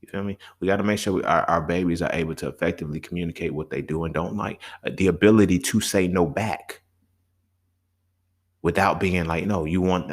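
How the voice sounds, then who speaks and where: A man in his thirties hosting a solo talk show, speaking in a loose, slangy, profane way and acting out back-and-forth dialogue. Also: low voice. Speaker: podcast host. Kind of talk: casual monologue.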